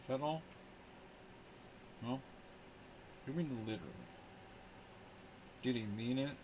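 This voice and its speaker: A man's voice: mid-range voice, takes it slowly, noisy background. A young man rambling sarcastically on a casual live stream while he talks back to his chat.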